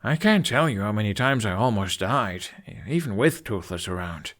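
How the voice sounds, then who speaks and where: A man's voice: fairly low pitch, animated, moderate pace, a bit bright. Male reader as a wry, good-humored young Viking man. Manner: wry, teasing.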